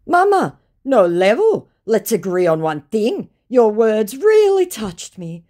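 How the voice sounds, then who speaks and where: A woman's voice: fairly high pitch, big pitch swings, slow pace, mellow, pitched above the performer's own voice. A woman reading as a pleading young scammer guy. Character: young male scammer, pushy and whiny.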